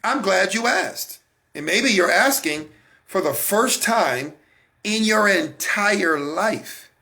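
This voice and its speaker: Animated, gravelly man giving a faith talk. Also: high voice, takes it slowly. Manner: animated, preachy, addresses listeners directly. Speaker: host.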